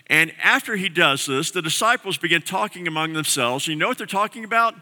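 Bright-voiced male pastor in a reverberant hall. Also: on the high side, lively intonation, fairly quick. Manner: conversational teaching with vivid explanations. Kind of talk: sermon.

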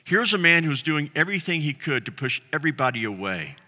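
A man preaching a sermon as pastor, telling a story earnestly and slowing down on key phrases. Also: fairly high pitch, big pitch swings, sharp tone, long reverb tail.

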